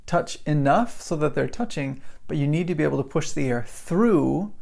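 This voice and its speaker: Creaky-voiced man teaching pronunciation. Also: fairly high pitch, expressive, moderate pace, a little mellow. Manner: explains patiently, keeps checking with "right?" and "okay?". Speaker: English teacher. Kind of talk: pronunciation lesson to camera. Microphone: microphone in front of him.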